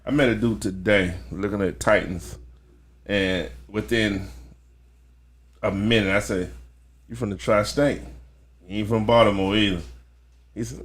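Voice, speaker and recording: A man co-hosting a casual talk show, telling animated stories and doing the voices of the people in them. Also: on the low side, moderate pace, long pauses, reverberant. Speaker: co-host. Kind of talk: casual chat.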